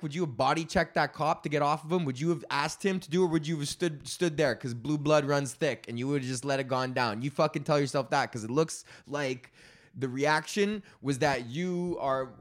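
A man hosting his own podcast, ranting hard and swearing through nearly every sentence. His voice sits high for a man, and he lunges between sharp outbursts and quick asides. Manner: profane, heated ranting. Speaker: podcast host. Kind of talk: solo rant podcast.

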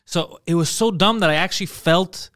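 A man co-hosting a casual podcast, telling animated, profane stories and acting out his own angry outbursts. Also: high voice, moderate pace, clean tone, no room sound, studio quality. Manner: animated storytelling, heavy swearing, acts out his own outbursts. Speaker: podcast co-host.

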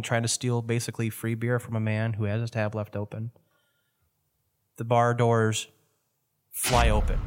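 A man's voice: lowish voice, clean tone. A man narrating as game master in a tabletop game, loose and joking.

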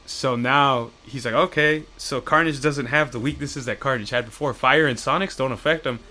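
Man, bright voice, casual chat, profane, rambling, acts out characters' lines. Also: medium pitch, normal speed. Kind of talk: casual chat retelling comic plots.

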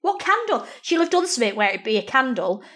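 A woman's voice: mid-range voice, fast talker. A woman, chatting casually and telling stories with lots of "like" and swearing. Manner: animated storytelling, lots of "like", swears. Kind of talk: casual chat.

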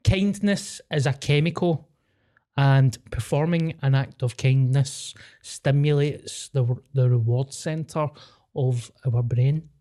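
A man's voice: mid-range voice, slow. A Scottish man co-hosting a podcast, joking crudely and swearing freely in casual banter. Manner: joking, swears freely, deadpan wind-ups. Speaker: podcast co-host.

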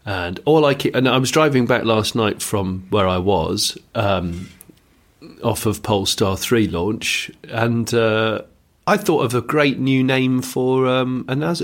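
A man co-hosting a podcast, chatting casually with a slightly gravelly voice. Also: mid-range voice, measured pace. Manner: chatty, rambling asides. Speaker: podcast co-host. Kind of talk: casual chat.

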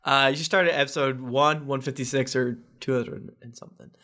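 A man's voice: mid-range voice, fairly even intonation, normal speed, sharp tone. A man hosting a podcast, reading listener reviews aloud with joking asides. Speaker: podcast host.

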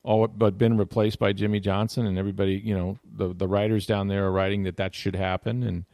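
Middle-aged male podcast host, low gravelly voice, dry close sound, loose rambling storyteller. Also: level tone, fairly quick, darkish tone, no echo. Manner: rambling storyteller with frequent restarts and laughs. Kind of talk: casual podcast chat.

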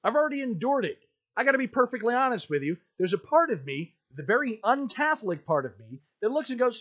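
A man's voice: very high voice, big pitch swings, fast, fairly bright tone. A man hosting a podcast, delivering an emphatic, ranting monologue with lots of repetition. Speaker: podcast host.

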